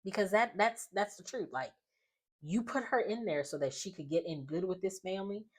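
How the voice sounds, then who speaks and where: A woman's voice: mid-range voice, normal speed, slightly rough. A young woman chatting casually through a soap opera recap, acting out the characters' lines as she goes.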